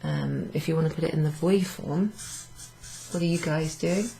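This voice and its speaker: A woman's voice: low voice, normal speed, vocal fry, dark tone, a little hiss or hum, low-quality recording. A tired woman teaching a casual language lesson, explaining patiently while writing examples on a board. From Wales.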